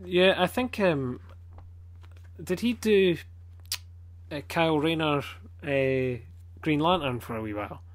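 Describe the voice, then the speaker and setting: A man's voice: fairly high pitch, expressive, takes it slowly. A man with a Scottish accent chatting casually as a podcast co-host, blunt, swearing a lot and rambling with plenty of fillers. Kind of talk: casual chat.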